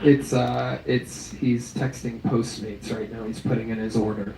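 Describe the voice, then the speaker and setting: A man's voice: mid-range voice, flat delivery, a little slow, vocal fry. A man hosting a live comedy show, teasing his guest with sarcastic questions. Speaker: host. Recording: echoey room heard from a distance, faint noise.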